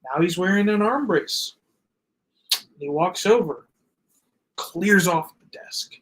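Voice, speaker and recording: A man with a somewhat high voice talks through a wrestling match on a casual podcast. He is an enthusiastic fan and checks his notes as he recaps the action. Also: expressive, slow pace, a bit bright, rough recording. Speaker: podcast co-host.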